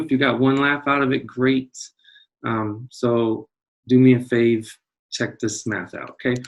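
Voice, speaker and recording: Brief: male math teacher, comic wisecracking intro patter, mid-pitched voice. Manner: jokey, playful put-on tough-guy patter. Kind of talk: comedic video lesson intro.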